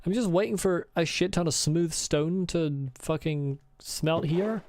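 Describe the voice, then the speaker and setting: A man's voice: on the high side, unhurried, darkish tone, a little hiss or hum. A man streaming a video game, muttering his plans to himself, swearing freely and answering chat. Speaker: let's play streamer. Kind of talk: casual live gaming chat.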